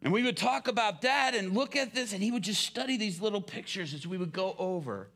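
A man's voice: high voice, animated, a little fast, a bit bright. A man preaching a sermon who tells a story with drama and acts out the dialogue himself.

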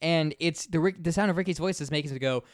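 A man's voice: fairly high pitch, fast, dry recording, clean studio sound. A man co-hosting a podcast, casually retelling a movie's scenes, swearing freely and slipping into mock quotes of the characters. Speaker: podcast co-host. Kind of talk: casual movie recap chat.

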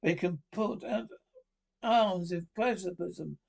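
An obsessive mad scientist for an old-time radio drama, domineering and excitable. His voice sits high for a man, and he barks orders at his assistant in a commanding tone. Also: slow pace, gravelly, exaggerated voice. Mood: intent. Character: obsessive domineering male scientist, middle-aged. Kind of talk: 1930s radio acting.

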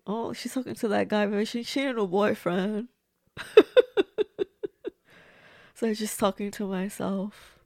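A woman hosts a casual movie watch-along, gasping, exclaiming and talking back at the screen. Her voice has a gravelly, fry-tinged edge. The recording is dry and close, with no room sound. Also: mid-range voice, fairly even intonation, moderate pace, hardly any pauses, a little mellow, no echo. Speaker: movie reviewer.

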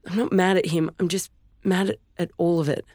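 A narrator voicing a worried father who tries to calm his family in an audiobook. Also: mid-range voice, brisk, dry recording, clean studio sound, voice pushed up, lightly acted. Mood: gentle. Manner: urgent then gentle, affectionate. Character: worried father, calling out and soothing.

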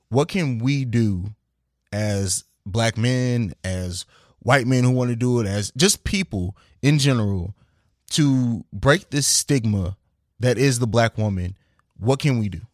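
A man's voice: mid-range voice, lively intonation, unhurried, no room sound, studio quality. A man hosting a podcast, asking questions thoughtfully and hesitantly, searching for words. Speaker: podcast host. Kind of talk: casual podcast interview.

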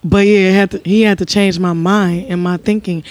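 A woman's voice: mid-range voice, fairly quick, dry recording. Woman telling stories in a dry close sound. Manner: animated storyteller, acts out quotes. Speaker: podcast guest, married singer. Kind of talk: casual conversation.

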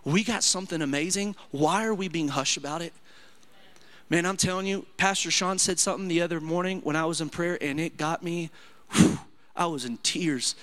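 Male pastor, earnest sermon delivery, bright and slightly high. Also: normal speed. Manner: emotional, earnest preaching with rising pitch on quotes. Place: church sanctuary.

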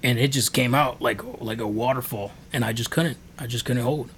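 A man's voice: medium pitch, a little fast, fairly bright tone. Earnest man telling his story, faint background noise. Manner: earnest, rambling storytelling with many fillers. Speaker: podcast guest. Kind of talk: casual testimony.

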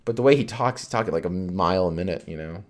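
Deep-voiced man rambling casually. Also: fast talker. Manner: rambling, heavy on fillers, swears, laughs often. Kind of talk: casual solo podcast chat.

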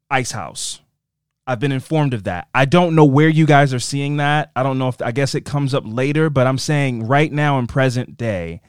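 A man's voice: mid-range voice, clean tone, dry recording. Male podcast host, chatty and self-interrupting, dry close sound. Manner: rambling, self-interrupting and animated. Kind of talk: casual podcast chat.

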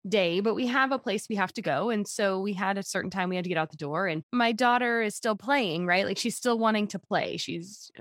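A woman's voice: mid-range voice, fairly quick, few pauses, a bit bright, no room sound, studio quality. Chatty woman hosting a podcast. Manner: chatty, laughs easily, lots of "like". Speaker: podcast host. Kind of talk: casual chat.

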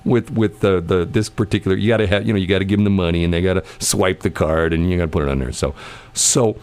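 A man's voice: low voice, fairly even intonation, quick pace, a little mellow. A man casually telling a long anecdote in conversation, rambling with many restarts and bursts of laughter. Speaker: storyteller in a conversation.

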